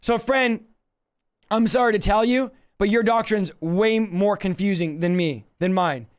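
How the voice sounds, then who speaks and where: A young man preaching a fiery sermon, shouting passionately in fast bursts and then slowing down for emphasis. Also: high-pitched, smooth.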